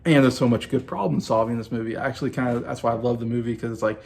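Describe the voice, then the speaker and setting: Gravelly-voiced enthusiastic man reviewing movies. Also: medium pitch, steady tone, racing, a little mellow. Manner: gushing, enthusiastic. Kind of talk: casual movie review monologue.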